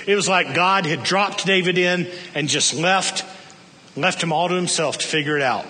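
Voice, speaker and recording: Animated preacher in a reverberant hall. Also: male voice, fairly high pitch, moderate pace. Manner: animated storytelling preacher, swinging from loud to hushed. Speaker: pastor. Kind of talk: sermon.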